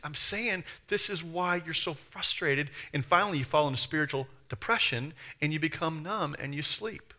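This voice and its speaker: A man's voice: a little high, moderate pace, few pauses, pushed and bright. A man pastor preaching a sermon in a conversational way, full of rhetorical questions and acted-out quotes.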